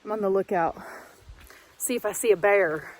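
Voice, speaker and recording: A woman's voice: mid-range voice, rough recording. Woman hiker vlogger, out of breath, chatty rambling talk, outdoor trail, handheld camera. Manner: chatty, rambling, quick to laugh. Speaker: vlogger hiking solo. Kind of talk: casual vlog monologue.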